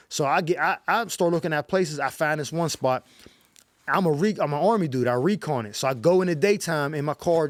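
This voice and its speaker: A man from Pittsburgh, a comedian telling a story on a talk show in an animated, profane, slang-heavy way. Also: a little high, dry recording. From Pittsburgh, USA. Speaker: comedian guest. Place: studio.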